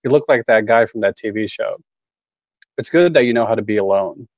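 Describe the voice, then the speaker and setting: A man's voice: on the low side, a little fast, dry recording, low-quality recording. A man reading his own list poem aloud at a student reading, understated and dry. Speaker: MFA student reader.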